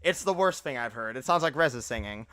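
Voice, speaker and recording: A man streaming live, giving casual, animated reaction commentary full of loose filler words. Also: mid-range voice, fairly quick, dry recording.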